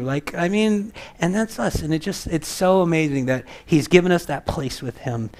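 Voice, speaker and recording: A man preaching a casual sermon in a conversational, animated way, acting out the voices of people in the stories he tells. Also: fairly high pitch, moderate pace. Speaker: pastor.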